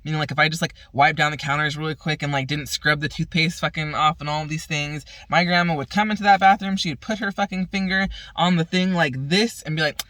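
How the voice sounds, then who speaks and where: A woman's voice: deep voice, fairly even intonation, brisk, hardly any pauses, fairly bright tone, dry recording. A woman vlogger telling a long casual story, swearing constantly, retelling conversations with "I'm like" and laughing at her own lines. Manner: profane, rambling, retells talks with "I'm like".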